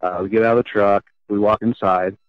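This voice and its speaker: A man with a low voice tells a personal story in an interview, earnest and halting, often stopping to rephrase. The recording is dull and slightly lo-fi, with a dry, close sound. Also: fairly even intonation, clean tone, no echo. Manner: earnest and halting, with frequent restarts. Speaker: guest.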